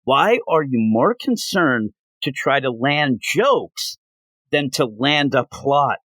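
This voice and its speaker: Animated man recapping comics. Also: medium pitch, slow, dry recording. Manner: animated, acts out quotes in funny voices. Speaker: comic book reviewer. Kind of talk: casual review chat.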